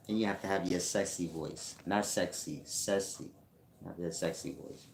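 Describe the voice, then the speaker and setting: A man's voice: sits low, moderate pace, creaky, roomy sound, a little hiss or hum. A man hosting a casual livestream as a spiritual teacher, reading viewer comments and teasing them with slangy jokes and frequent laughter. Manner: joking and teasing, laughs often, slangy and rambling. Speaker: livestream host and self-styled spiritual teacher.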